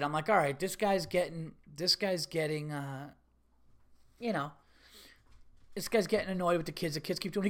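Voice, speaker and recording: A middle-aged man hosting a podcast, telling a story in a casual, animated and exasperated way, swearing freely. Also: sits high, a little fast. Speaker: podcast host.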